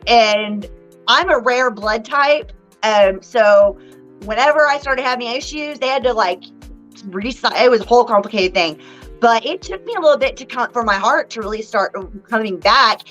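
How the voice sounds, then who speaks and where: Bright, bubbly woman hosting a card reading. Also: fairly high pitch, moderate pace, muffled recording, soft background music. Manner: bubbly, theatrical, laughs often. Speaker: live psychic card reader and co-host. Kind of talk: casual live-stream chat.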